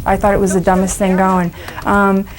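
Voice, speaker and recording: A woman's voice: mid-range voice, monotone, normal speed, a little hiss or hum, low-quality recording. A woman pet owner earnestly recounting a vet visit in a documentary interview.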